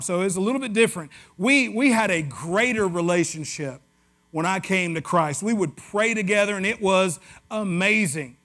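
High-voiced Southern preacher, West Tennessee. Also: male voice, a bit bright. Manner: conversational and joking, with asides to the congregation. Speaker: pastor. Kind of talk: sermon.

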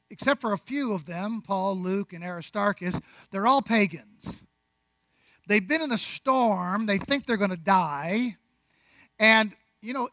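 A man preaching a sermon, conversational, with rhetorical questions, asides and slow, deliberate emphasis on key words. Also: sits high, pushed and bright, no room sound, low-quality recording. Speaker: pastor.

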